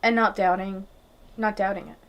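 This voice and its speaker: A woman co-hosting a podcast in casual chat, reflective, asking gentle questions. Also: medium pitch, fairly even intonation, normal speed, clean tone. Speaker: podcast co-host.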